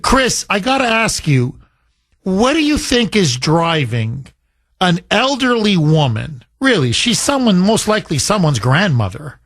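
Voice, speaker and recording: A man's voice: high-pitched, big pitch swings, a little slow, a bit bright, no room sound, studio quality. A male talk radio host, emphatic and sarcastic, taking calls from listeners. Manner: emphatic and sarcastic, mocks opponents with sing-song voices. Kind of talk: opinionated talk radio monologue.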